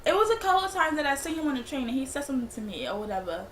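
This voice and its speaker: High-voiced young woman. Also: very fast, a little hiss or hum. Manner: animated, slangy, rambling. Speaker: vlogger. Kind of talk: casual storytime.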